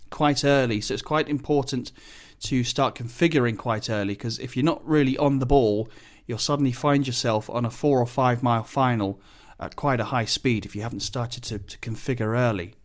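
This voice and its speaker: A man talking casually about his work as a pilot, in a mid-pitched voice. He explains technical terms plainly and keeps an easygoing, conversational tone. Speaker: business jet pilot.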